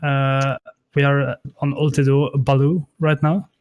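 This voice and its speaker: A man's voice: medium pitch, flat delivery, measured pace, darkish tone, clear, resonant tone, dry recording, dull audio. A man casting a live online game tournament, hesitant and apologetic, with many fillers and restarts, on a headset mic. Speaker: esports caster. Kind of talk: casual live game commentary.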